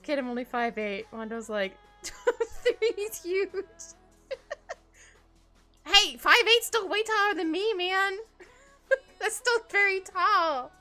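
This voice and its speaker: Giggly, lively young woman streamer. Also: very high-pitched, takes it slowly, long pauses. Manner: giggly, laughs often, rambling. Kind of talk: casual chat while drawing on stream. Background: faint background music.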